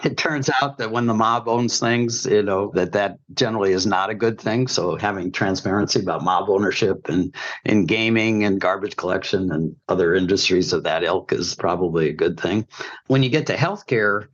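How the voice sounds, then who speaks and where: A man's voice: low-pitched, normal speed, fairly bright tone, muffled recording. Opinionated man giving podcast commentary. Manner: emphatic, opinionated, with folksy sayings. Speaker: healthcare commentator.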